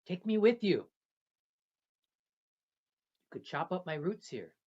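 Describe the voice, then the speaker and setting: A storyteller voicing a small, kind fern spirit that calls out gently and offers its roots. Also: medium pitch, sing-song, slow, husky, voice pushed up, exaggerated voice. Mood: encouraging. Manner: soft, beckoning, then encouraging. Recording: dull lo-fi recording.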